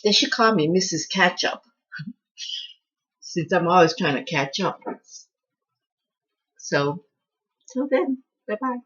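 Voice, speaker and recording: A woman's voice: on the low side, slow pace, long pauses, fairly bright tone, breathy edge, dull audio. A woman hosting her own home cooking channel, chatting in a rambling, self-deprecating way as she walks through a recipe. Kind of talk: casual cooking vlog chat.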